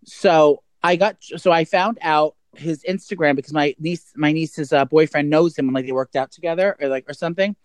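A man's voice: on the high side, normal speed, few pauses, no echo. A man telling a gossipy personal story in a casual, rambling way, full of restarts.

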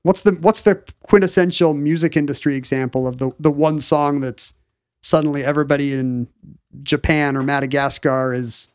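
A man's voice: a little high, fairly even intonation, normal speed, clean tone, dry recording, clean studio sound. A middle-aged man chatting casually as a podcast co-host, rambling and joking as he goes. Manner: rambling, self-interrupting, joking. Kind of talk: casual chat.

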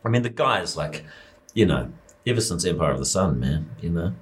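A man's voice: low-pitched, animated, normal speed. A man with a New Zealand accent, a film director guest in a casual interview, talking in a loose, rambling way full of fillers.

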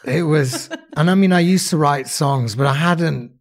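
A man's voice: on the high side, normal speed. A man, an actor, talking casually in an interview, rambling and self-mocking with restarts. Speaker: actor and songwriter guest.

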